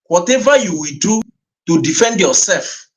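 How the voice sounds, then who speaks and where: A man's voice: high-pitched, lively intonation, normal speed, rough recording. A man with a Nigerian accent commenting on a clip in an earnest way, repeating himself and slipping in Igbo. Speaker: livestream host.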